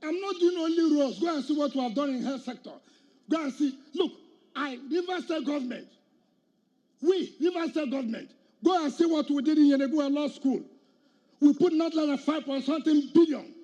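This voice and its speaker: At an outdoor event, a middle-aged state governor with a Nigerian accent fires rhetorical questions and challenges at a crowd in a combative political speech. His very high voice is warm and moves at a moderate pace, though the recording sounds dull.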